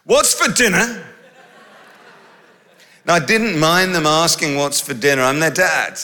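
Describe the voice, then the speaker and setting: A middle-aged man preaching in a large hall, his bright, forceful voice ringing out with a long reverb. He talks in a lively, conversational way and slips in humorous asides between his points. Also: fairly high pitch, normal speed. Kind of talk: sermon.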